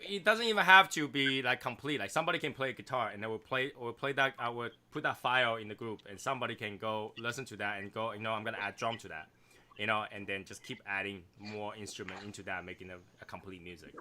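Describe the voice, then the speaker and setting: A man's voice: fairly low pitch, background noise. A man hosting a casual group chat stream, laughing often as he talks. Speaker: stream host.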